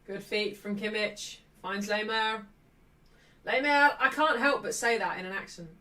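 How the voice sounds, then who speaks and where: A woman hosting a live football watchalong, chatting cheekily and shouting out at refereeing calls. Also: mid-range voice, moderate pace, distant mic. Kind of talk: live match watchalong commentary.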